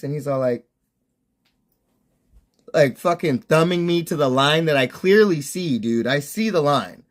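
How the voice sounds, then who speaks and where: A young man with a notably high voice vents in a casual, swear-laden rant. He sounds exasperated, piling on complaints and repeating himself as he streams. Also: lively intonation, moderate pace. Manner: heavy swearing, exasperated ranting. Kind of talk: casual ranting monologue.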